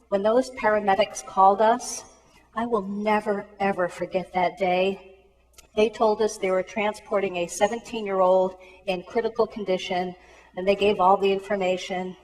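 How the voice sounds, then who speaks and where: A woman who works in an emergency room tells a cautionary story to students. She acts out the dialogue of the people in it. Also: medium pitch. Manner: earnest storytelling with acted-out dialogue. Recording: long reverb of a big hall.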